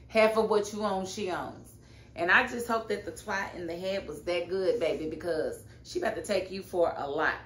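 A woman reviewing a TV episode in a casual, animated and sassy way, often scolding the characters directly. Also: on the low side. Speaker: TV show reviewer. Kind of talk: casual TV recap vlog. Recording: echoey room with faint noise.

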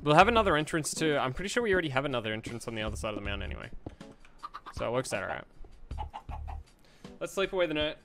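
Young man streaming, casual joking chat, fairly high voice, swinging pitch, light music behind. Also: expressive, racing, long pauses, fairly bright tone. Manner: chatty, joking, greets chat with upbeat bursts. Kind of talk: casual gameplay chat with viewers.

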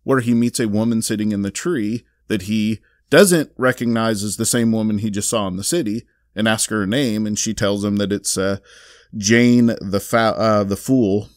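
A man's voice: fairly low pitch, normal speed, no room sound, clean studio sound. A man with a Southern US accent on a casual podcast, recapping a comic book in a rambling way with many fillers and restarts. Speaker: podcast co-host reviewing comics.

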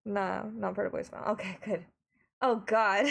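A woman's voice: medium pitch, steady tone, moderate pace, vocal fry. A woman with an Australian accent, live-streaming in casual chat, giggly and flustered as she talks to her chat.

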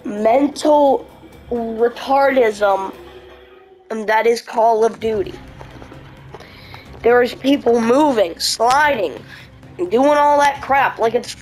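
A woman's voice: fairly high pitch, rough recording. A woman giving casual gameplay commentary, ranting bluntly about the game as she plays. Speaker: gamer streamer.

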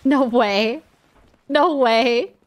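A woman's voice: high-pitched, very slow. A woman chatting in character during a roleplay, playful and giggly. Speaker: roleplay player.

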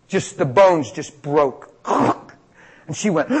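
Excitable male preacher, middle-aged, fairly high voice, swings from quiet storytelling to loud peaks. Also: a little slow, low-quality recording. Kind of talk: healing testimony sermon.

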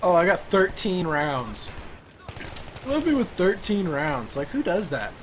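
A man giving casual commentary on his own gameplay, excitable, swearing and breaking into sudden yelps and groans. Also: sits high, unhurried, a little hiss or hum.

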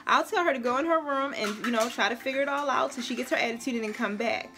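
A woman's voice: a little high, quick pace. A woman in her thirties with a Brooklyn accent, talking frankly and emphatically in a casual family vlog. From Brooklyn, New York. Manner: frank, emphatic, scolding her small son playfully. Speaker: mom vlogger.

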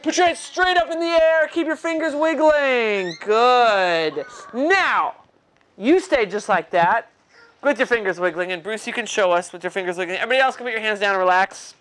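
A woman performing as a children's magician, teasing her young helpers and calling out instructions in lively show patter, recorded live. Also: a little high, normal speed. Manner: playful, teasing; commanding, calls out instructions. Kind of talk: interactive kids' show patter.

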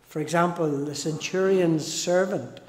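A man delivers a sermon at a measured, unhurried pace, his voice sitting high for a man. He leans on repeated phrases for emphasis. The sound rings with a long, echoey church reverb. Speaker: preacher.

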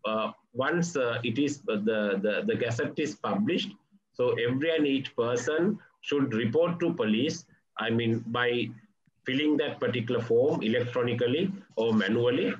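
A man from Sri Lanka, a police media spokesman, giving a measured, halting workshop talk full of fillers and restarts over a video call. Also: mid-range voice, lo-fi sound, a little hiss or hum. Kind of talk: conference presentation.

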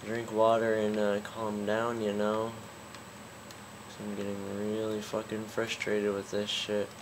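A man's voice: fairly low pitch, monotone, a little slow, background noise. A man commentating a game, cursing constantly and getting angry, with a sore throat. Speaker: gaming YouTuber. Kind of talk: let's play commentary.

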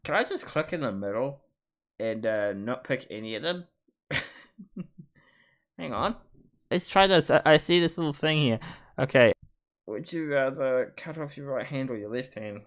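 A man's voice: mid-range voice, expressive, measured pace, long pauses. A man commentating casually as a gaming YouTuber, thinking aloud in a chatty, hesitant way. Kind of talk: casual commentary while playing a quiz.

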